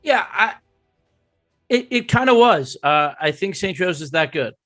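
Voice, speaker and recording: A man co-hosting a casual sports podcast, his voice fairly high. He talks conversationally and restates his points. The sound is dry and close. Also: lively intonation, measured pace, fairly bright tone, dry recording, faint music behind. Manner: conversational, repeats points, frequent fillers. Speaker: podcast co-host.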